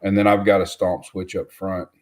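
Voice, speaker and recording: A man's voice: low-pitched, little pitch movement, moderate pace. A man co-hosting a casual fishing livestream, easygoing with fillers. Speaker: co-host.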